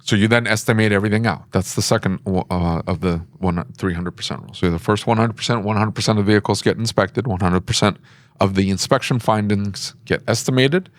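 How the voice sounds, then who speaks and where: A man with a fairly low voice hosts a casual podcast and walks listeners through business advice in a plain, coaching way. The sound is dry and close, with no room around it. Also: a little fast, no room sound. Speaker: podcast host and shop owner.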